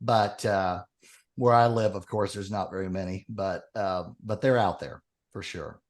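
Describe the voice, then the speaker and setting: A man's voice: deep voice, unhurried. A man, co-hosting a podcast, telling a long joke and acting out its characters. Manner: animated storyteller, acts out characters. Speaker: podcast co-host. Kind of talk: casual chat, telling a joke.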